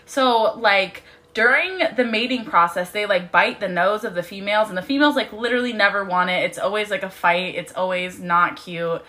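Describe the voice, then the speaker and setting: A woman on whale-watching boat crew chatting casually, excitable and gushing, with lots of "like". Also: medium pitch, moderate pace, hardly any pauses. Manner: excitable, gushing, heavy use of "like". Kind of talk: casual chat.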